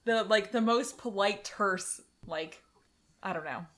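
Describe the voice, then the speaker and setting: A woman's voice: mid-range voice, slow, a bit bright. A woman co-hosting a casual podcast, talking hesitantly with many likes and trailing-off phrases. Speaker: podcast co-host.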